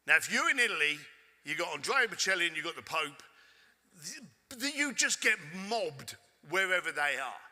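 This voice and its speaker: Cheeky london guy spinning a story for a crowd, highish bright voice, echoey big hall. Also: normal speed. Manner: animated, cheeky, swears casually. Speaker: keynote speaker. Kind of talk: storytelling keynote. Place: conference hall stage with audience. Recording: echoey hall with long reverb.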